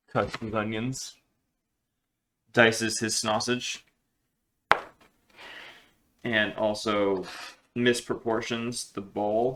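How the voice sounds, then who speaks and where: A man with a gravelly, crackly edge and a bright, forward tone talks loosely in a home kitchen. He rambles and pokes fun at himself as he chats. Faint noise hangs in the background. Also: lowish voice. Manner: rambling, self-deprecating, joking. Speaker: cooking vlogger. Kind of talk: casual cooking vlog.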